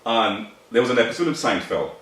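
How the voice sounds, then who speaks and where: Older male co-host, emphatic, very lively pitch, heavy room echo. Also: quick pace. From Trinidad. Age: 60s. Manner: emphatic, rhetorical questions, laughs often. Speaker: podcast co-host. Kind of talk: casual chat. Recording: very echoey room, mic at a distance.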